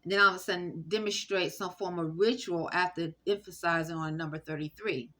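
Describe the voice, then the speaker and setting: A woman talking straight to camera in a rambling, halting monologue full of fillers and restarts. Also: fairly low pitch, fairly even intonation, fairly bright tone. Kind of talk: casual spoken monologue.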